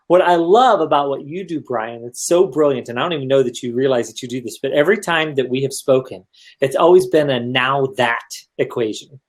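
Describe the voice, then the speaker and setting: A man who is a guest on a live video-stream chat, explaining his points in an earnest way over a video call. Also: medium pitch.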